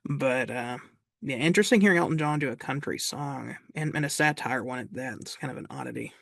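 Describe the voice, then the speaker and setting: A man's voice: mid-range voice, fairly quick, creaky, a bit bright, no room sound, clean studio sound. A man co-hosting an album review, giving casual commentary in a loose, laid-back way.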